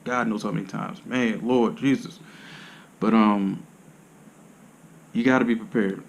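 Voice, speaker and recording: A man's voice: lowish voice, steady tone, measured pace, creaky, slight background noise. Blunt, profane male massage therapist. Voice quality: blunt, profane, streetwise slang. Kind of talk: casual monologue to camera.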